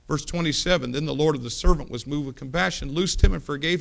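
A male preacher delivers an impassioned sermon. His voice sits a little high and carries a gravelly rasp. He swings from soft, hushed passages to loud ones. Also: fast talker, few pauses.

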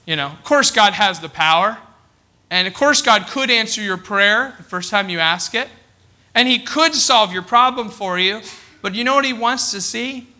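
A man preaching a sermon to his congregation, often asking whether they are ready and reading scripture aloud more slowly and quietly. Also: high-pitched, lively intonation. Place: church congregation.

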